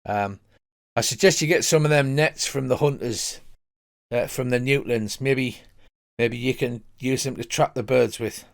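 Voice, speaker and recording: A man's voice: mid-range voice, a little slow, gravelly. A man doing a folksy old merchant. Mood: advising.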